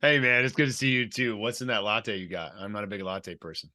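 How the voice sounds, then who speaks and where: A man's voice: on the low side, brisk, sharp tone. A man taking part in a sales role-play, chatting in a friendly, easygoing way. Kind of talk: casual role-play chat.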